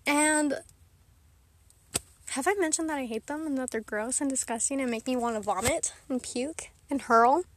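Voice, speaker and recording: A woman's voice: high-pitched, moderate pace, a little hiss or hum. A young woman talking frankly to her viewers in a rambling, casual way, often laughing. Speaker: vlogger. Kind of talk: candid casual chat to camera.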